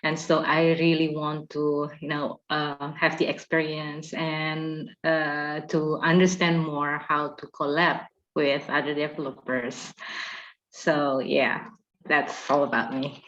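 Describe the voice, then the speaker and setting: A woman introducing herself on a video call in a slow, careful way. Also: deep voice, level tone, a bit bright. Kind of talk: self-introduction in an online meeting. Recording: dull call audio.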